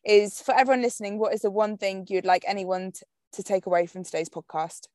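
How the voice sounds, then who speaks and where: Woman podcast host, mid-pitched voice, chatty and casual, dry close recording. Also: fairly quick, darkish tone, dry recording. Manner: chatty, laughs often, swears casually.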